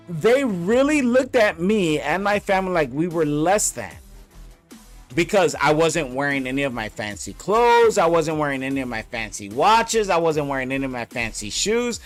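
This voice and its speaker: A man's voice: fairly high pitch, sing-song, normal speed, faint music behind. A man telling an angry story about a bad trip, blunt and profane, repeating lines for emphasis. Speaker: vlogger.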